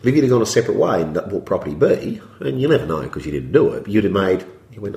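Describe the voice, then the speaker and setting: Speaking quickly in a lowish, sing-song voice that's creaky and slightly mellow, a property developer talks as an interview guest on a podcast. He meanders through his points and acts out his thoughts in quotes, and the room echoes.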